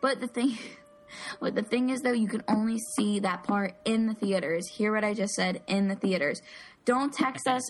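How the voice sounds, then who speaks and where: A woman's voice: medium pitch, moderate pace. A woman co-hosting a casual podcast, telling a long story with lots of fillers and restarts. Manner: rambling, filler-heavy storytelling. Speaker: podcast co-host. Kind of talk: casual chat.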